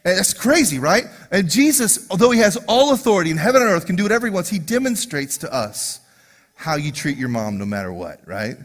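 A man preaching a sermon as lead pastor, animated and conversational, acting out scenes in quiet asides. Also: high voice, fairly quick.

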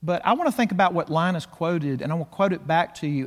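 A male pastor preaching a sermon, slowing and swelling on key words. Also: fairly high pitch, in a large hall.

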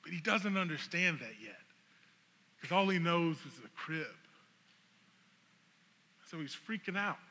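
A high-pitched man with a very bright, sharp tone tells an animated, humorous story as a sermon illustration. His voice rings out with the long reverb of a large hall, like a pastor preaching from a stage. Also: a little slow, pauses often.

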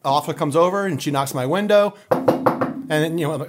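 Excitable loud guy swapping stories, voice sits kinda high. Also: quick pace, very noisy. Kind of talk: casual chat, storytelling.

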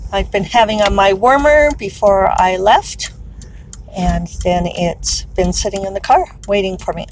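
A woman's voice: mid-range voice, slight background noise, poor audio. A middle-aged woman chatting casually while driving, wry and talkative with laughing asides. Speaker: author podcaster. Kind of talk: casual commute vlog. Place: in a car, driving.

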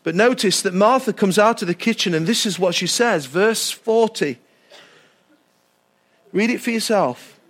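Very high-voiced preacher. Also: male voice, a little slow, pauses often. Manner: animated, asks the congregation questions. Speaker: pastor. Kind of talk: sermon.

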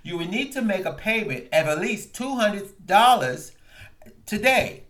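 A man's voice: high-pitched, lively intonation, unhurried, fairly bright tone, voice pushed up. A man voicing a female automated phone-line AI that is polite, scripted and unhelpful. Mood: prim, scripted.

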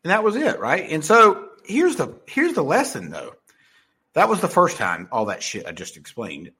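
A man's voice: fairly high pitch, wildly swooping pitch, normal speed, bright, forceful tone, slightly rough. A man telling a rambling, profane story in a casual monologue, full of fillers and restarts.

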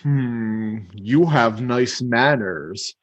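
A great proud dragon purrs out threats slowly and deliberately, as a man puts him on. His deepened voice has a husky grain. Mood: sly. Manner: slow, deep-voiced, purring. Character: huge proud male dragon, sly and menacing.

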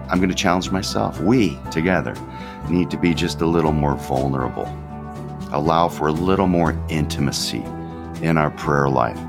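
A man with a very low voice talks through an unscripted devotional as a pastor hosting his own show. He speaks candidly and conversationally, circling back to repeat his phrases. Soft guitar plays faintly underneath. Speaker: podcast pastor.

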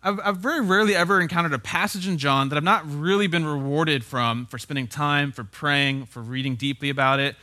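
A man's voice: a little high, brisk, few pauses, pushed and bright. A man preaching a conversational sermon as a pastor. He speaks in a casual, wry way and keeps checking in with tag questions.

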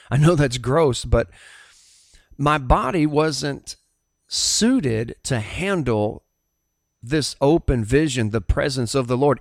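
A middle-aged pastor with a Southern US accent telling a personal testimony in an earnest, halting storytelling way. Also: male voice, mid-range voice, gravelly, no room sound, clean studio sound.

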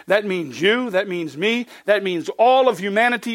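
A man's voice: sits high, lively intonation, moderate pace, few pauses, fairly bright tone, dry recording. A man preaching a verse-by-verse sermon, reading scripture aloud with rising emphasis and dropping into plainspoken, folksy asides. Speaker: pastor. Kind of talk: expository sermon.

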